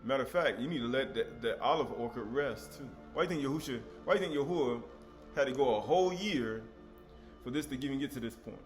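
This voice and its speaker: A man's voice: medium pitch, quick pace, faint music behind. A man preaching an informal sermon, reading scripture and breaking into conversational asides and rhetorical questions.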